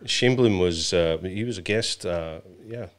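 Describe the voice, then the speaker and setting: A man's voice: deep voice, a little slow. A man hosting a live stream, chatting playfully with his guest and greeting viewers. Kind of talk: bantering live stream chat.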